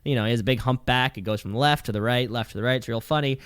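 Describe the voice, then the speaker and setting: A man co-hosting a podcast in casual chat, reading movie trivia in a quick, chatty way. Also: mid-range voice, fairly bright tone, smooth, no room sound. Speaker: podcast co-host.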